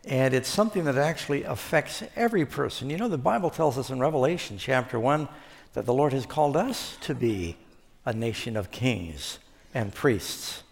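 A man's voice: medium pitch, animated, normal speed, gravelly, big-room sound. A man preaching a sermon as the pastor, in a folksy, conversational storytelling manner.

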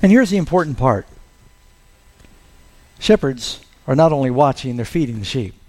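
A man's voice: mid-range voice, sing-song, moderate pace, mellow. A man preaching a sermon as pastor, telling stories and acting out the lines he quotes in a raised voice.

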